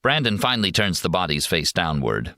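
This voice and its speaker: A man narrating a war memoir audiobook in a steady, measured first-person reading. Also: sits low, no echo, studio quality.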